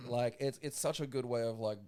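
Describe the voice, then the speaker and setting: A man's voice: mid-range voice, normal speed, darkish tone, clean tone. A young Australian man hosting a podcast, reading listener letters aloud and breaking off into sweary joking asides. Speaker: podcast host.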